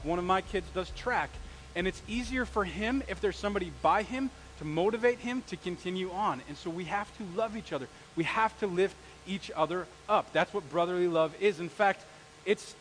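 A man in his forties, a pastor preaching a sermon in a conversational, animated way, with stories and asides. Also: high voice, a little hiss or hum, poor audio. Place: church sanctuary.

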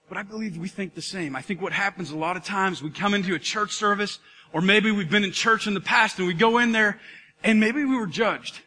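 Man, pastor, sermon, high voice, bright tone, lively and conversational. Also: big-room sound. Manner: energetic, conversational, joking with the congregation. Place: church auditorium.

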